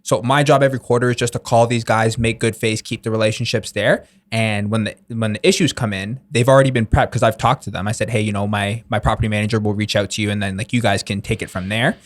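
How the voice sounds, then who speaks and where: A young man talks on a podcast in a casual, excited way, dropping "like" into nearly every sentence. His voice sits a little low. The sound is close and dry, with no room around it. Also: quick pace, hardly any pauses, no echo. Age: young adult. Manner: enthusiastic, filler-heavy, says "like" a lot. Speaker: guest, real estate investor.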